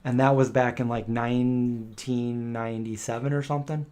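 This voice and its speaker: A man's voice: medium pitch, level tone, moderate pace, darkish tone, clear, resonant tone. A middle-aged man hosting a casual live question-and-answer stream, telling rambling anecdotes and acting out the voices of people he quotes.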